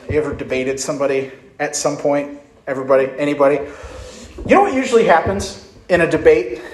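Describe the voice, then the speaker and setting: Conversational pastor preaching in echoey room. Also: male voice, fairly high pitch. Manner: conversational, asks the congregation questions. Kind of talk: sermon.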